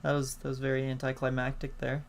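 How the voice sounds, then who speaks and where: A man hosting a live gameplay stream, chatty and excitable as he greets viewers. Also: mid-range voice, fast talker, vocal fry. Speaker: gaming streamer. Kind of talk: live let's-play commentary. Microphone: laptop setup. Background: faint game music.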